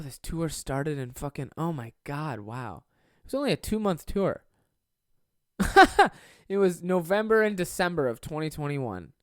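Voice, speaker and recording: A man's voice: a little high, sing-song, moderate pace, a bit bright, no room sound. Young male comic hosting solo podcast; rambling, swears constantly, self-deprecating; dry close sound. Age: 20s. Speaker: podcast host and stand-up comedian. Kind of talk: casual solo podcast monologue.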